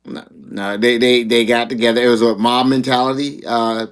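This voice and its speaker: A man's voice: mid-range voice, little pitch movement, normal speed, clear, resonant tone. Guy hosting an online talk panel, rambles and stumbles over his words, chuckles a lot. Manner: rambling, repeats words, laughs at himself. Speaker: show host. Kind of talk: casual panel discussion.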